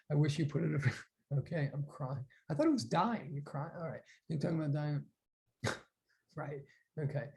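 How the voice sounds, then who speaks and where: A man teaching a physics class online, talking casually and animatedly, often reacting to the class chat. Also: on the high side. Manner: chatty, animated, reads chat aloud.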